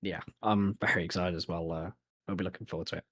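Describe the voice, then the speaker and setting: A young man from central England with a Birmingham accent, giving a relaxed post-race interview and laughing often. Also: low-pitched, fast, breathy edge, dry recording. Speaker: sim racing driver.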